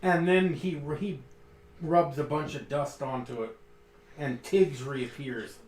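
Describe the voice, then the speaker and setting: A man's voice: on the high side, slow, crowd noise. A man playing in a tabletop role-playing game, narrating his character's actions and lines. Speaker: player. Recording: roomy with faint background noise.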